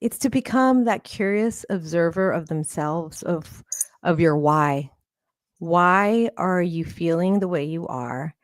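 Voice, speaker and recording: A woman therapist guests on a podcast in casual interview talk, earnest and encouraging and laughing often. Her lowish voice has lively intonation and a slow pace, captured as a dry, studio-quality recording.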